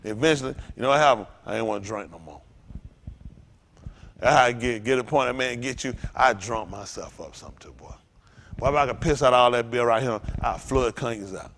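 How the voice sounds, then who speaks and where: A man's voice: medium pitch, brisk. A male pastor preaching a sermon, telling personal stories in loose, everyday talk. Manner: animated preaching with loose vernacular storytelling.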